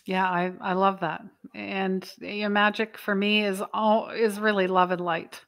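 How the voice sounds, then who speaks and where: A woman from Canada hosts the show in a mid-range voice. She sounds upbeat and encouraging, easing into a gentle spiritual message for her listeners. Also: medium pitch, flat delivery, measured pace. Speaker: podcast host and spiritual coach. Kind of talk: casual interview and closing talk.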